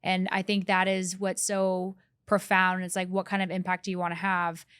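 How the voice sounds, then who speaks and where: A woman's voice: lowish voice, monotone, moderate pace, a bit bright, clean tone, dry recording, clean studio sound. A young woman hosting an interview, asking reflective questions with an eager, chatty manner. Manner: enthusiastic, reflective questions with filler "like". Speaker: interview host. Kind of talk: conversational interview.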